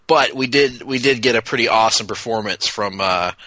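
A man co-hosting a casual TV recap chat, talking enthusiastically in quick bursts with frequent restarts. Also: mid-range voice, bright, forceful tone, no room sound, poor audio. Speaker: podcast co-host.

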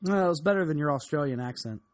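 A man's voice: on the high side, lively intonation, fast, faint music behind. A man co-hosting a podcast, chiming in casually with additions to the host's points. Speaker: podcast co-host. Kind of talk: casual chat.

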